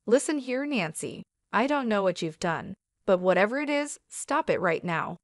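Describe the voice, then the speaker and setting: A woman's voice: mid-range voice, animated, moderate pace, no echo, studio quality, natural voice. A woman voicing a deceitful husband who has been caught out and stammers and pleads. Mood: pleading.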